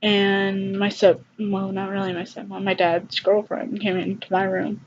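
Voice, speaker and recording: A young woman vlogger telling a personal story in a halting, subdued way, with many fillers. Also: medium pitch, completely flat delivery, a little hiss or hum. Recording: slightly dull lo-fi recording.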